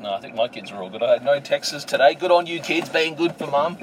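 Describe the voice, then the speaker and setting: A man's voice: fairly high pitch, expressive, quick pace. An Australian man in his thirties, a podcast co-host, joking and teasing his friend while driving. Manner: jokey, teasing, laughs often. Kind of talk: casual chat while driving. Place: inside a moving car. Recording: car with faint road noise.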